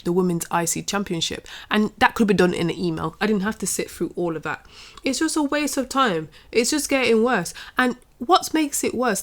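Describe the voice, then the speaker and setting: Host type: young woman, fed-up wrestling vlogger, repeats herself and trails off, middling pitch. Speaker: wrestling commentary channel host. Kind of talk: opinionated casual rant to camera.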